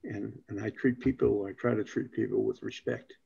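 A man's voice: fairly low pitch, steady tone, moderate pace, gravelly, dark tone, slightly rough, muffled recording. A man with a Boston accent, a business leader on a panel, telling a story in a rambling way, often repeating his words as he goes.

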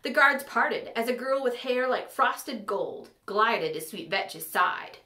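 A woman reading a fantasy story aloud, with expressive, animated storybook narration. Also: slow pace, reverberant. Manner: animated, with shifting pitch for characters. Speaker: audiobook reader.

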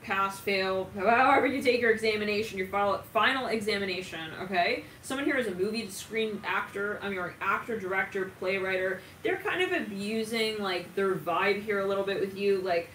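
Animated tarot-reading woman, roomy and distant. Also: mid-range voice, normal speed. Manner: animated, swears, laughs often, dramatic asides. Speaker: tarot reader. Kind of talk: casual tarot reading monologue. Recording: roomy, distant from mic, faint ambient noise.

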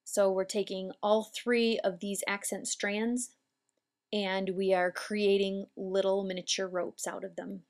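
A woman calmly explaining hair braiding steps as an instructor, patient and methodical. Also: medium pitch, unhurried, clean tone. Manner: calm, patient, step-by-step explaining. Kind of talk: instructional demonstration.

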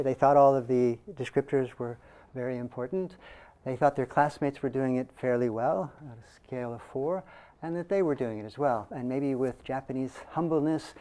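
A man gives an academic presentation to a live audience, his voice mellow and warm at a middling pitch. He explains patiently, pausing often to toss out a questioning "okay?" to keep listeners with him. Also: a little hiss or hum. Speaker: conference presenter.

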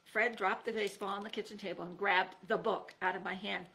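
A woman's voice: normal speed, gravelly, slight background noise. A woman who works as a teacher reads a children's storybook aloud, jumping her voice up and down to act out each character. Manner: lively, voices each character with pitch jumps.

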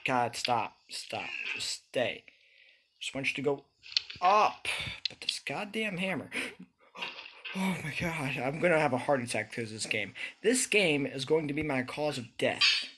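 A man's voice: medium pitch, lively intonation, unhurried, pushed and bright, slight background noise. A young man giving frustrated, swearing let's-play commentary from his room, ranting and exasperated. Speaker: gaming YouTuber.

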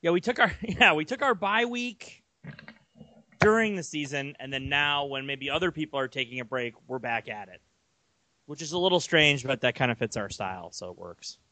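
A young man co-hosting a casual sports podcast, telling long rambling stories with animated energy. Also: a little high, moderate pace, dry recording. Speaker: podcast co-host.

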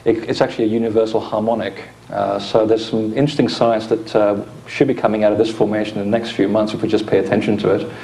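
Low-voiced man giving a slide lecture. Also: flat delivery, fast talker, hardly any pauses, dark tone. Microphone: microphone.

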